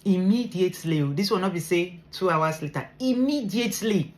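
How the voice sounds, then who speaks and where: A woman's voice: fairly low pitch, fairly quick. A Nigerian woman in a vlog, earnestly retelling a personal story with emotion, mixing English and pidgin. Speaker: vlogger sharing her medical story.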